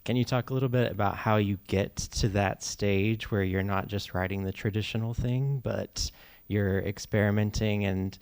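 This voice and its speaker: A man's voice: on the low side, steady tone, normal speed, a little mellow, smooth. A man in the audience at a book event, asking the author a question with lots of hesitant fillers.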